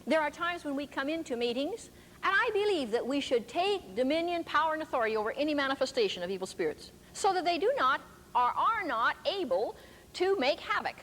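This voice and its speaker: With a high, sing-song voice that is fairly bright and fairly quick, an older woman who preaches and teaches gives a sermon full of emphatic storytelling. The sound is echoey, as in a hall, with faint noise behind her.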